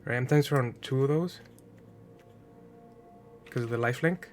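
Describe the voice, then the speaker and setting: A man's voice: medium pitch, moderate pace, soft background music. Nasal-sounding man streaming gameplay. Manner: chatty, thinking aloud, frequent fillers and rhetorical "right?". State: nasal from allergies. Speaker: streamer building a card game deck. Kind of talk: casual gameplay commentary.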